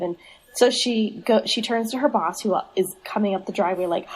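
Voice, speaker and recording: A woman's voice: medium pitch, fairly quick, slightly rough, rough recording. A woman guest on a podcast, chatting casually about a movie and acting out the characters' lines. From Los Angeles area. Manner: chatty, acts out quotes from characters. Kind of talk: casual movie review chat.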